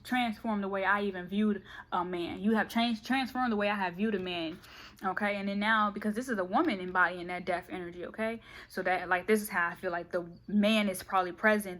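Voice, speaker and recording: A woman's voice: mid-range voice, fairly bright tone. Chatty woman giving a playful tarot reading. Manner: fast, chatty, playful, keeps saying okay. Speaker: tarot reader.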